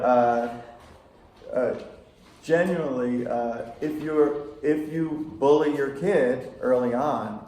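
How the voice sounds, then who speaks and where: A middle-aged man, a psychotherapist, giving a casual workshop talk to parents, telling animated anecdotes and acting out quoted lines. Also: medium pitch, gravelly, a little hiss or hum. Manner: anecdotal, animated storytelling with acted-out quotes and laughter. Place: school room with audience. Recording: echoey room recording.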